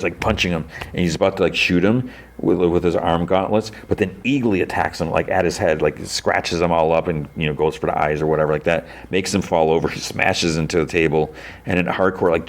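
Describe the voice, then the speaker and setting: A man hosting a podcast, recapping an episode casually with many fillers and jumping up in pitch when he quotes characters. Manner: animated retelling, jumps into character lines with a raised pitch. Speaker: podcast host.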